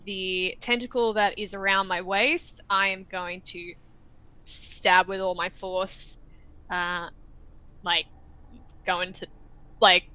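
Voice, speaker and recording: A woman's voice: mid-range voice, level tone, takes it slowly, pauses often, pushed and bright, clean tone. A woman playing a tabletop game, speaking casually and bluntly, often hesitating. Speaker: player. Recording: slightly muffled mic.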